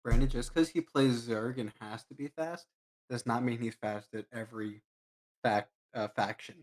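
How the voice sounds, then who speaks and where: A man with a mid-pitched, ordinary voice jumps into a casual chat with friends. He adds to the story and laughs along. His tone is plain and relaxed. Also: moderate pace. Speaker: podcast co-host.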